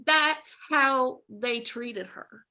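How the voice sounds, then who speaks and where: A woman's voice: a little high, very slow, a crowd in the background. A woman guest on a podcast, vividly telling stories in a casual way. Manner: vivid, animated storyteller. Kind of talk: casual storytelling.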